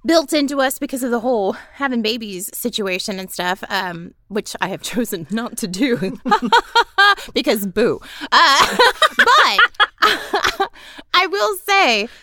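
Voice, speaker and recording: A woman's voice: on the high side, takes it slowly. A woman voice actor, probably in her thirties, chatting casually and acting out family members as she tells stories. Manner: animated storyteller who acts out family members. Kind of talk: casual podcast chat.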